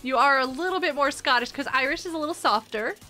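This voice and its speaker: A woman streaming a game and chatting casually with her daughter, excitable and giggly. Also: high voice, quick pace, faint music behind. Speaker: streamer, mother of co-host. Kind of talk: casual live-stream chat while gaming.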